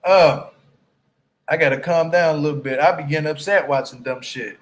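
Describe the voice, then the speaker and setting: A man with a high voice rants through a reality show recap in loose, heated commentary. He is blunt and profane, and he stretches words out for emphasis. He keeps checking in with "you hear me?". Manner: drawn-out emphatic phrasing. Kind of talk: casual ranting commentary.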